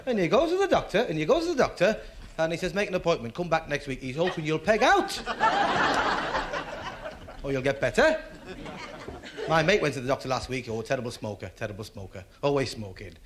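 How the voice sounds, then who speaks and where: A man's voice: fairly high pitch, very animated, a little fast, long pauses, a little hiss or hum. A man doing stand-up, grumbling in conversational asides to the audience. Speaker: stand-up comedian. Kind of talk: stand-up routine.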